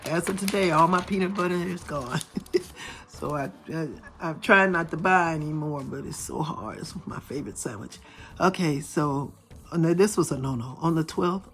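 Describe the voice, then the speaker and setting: A middle-aged woman vlogger chatting casually with her viewers, her voice still a little raspy and hoarse after a cold. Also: sits low. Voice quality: slightly raspy. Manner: chatty, talks straight to viewers. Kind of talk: casual chat. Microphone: camera filming from overhead.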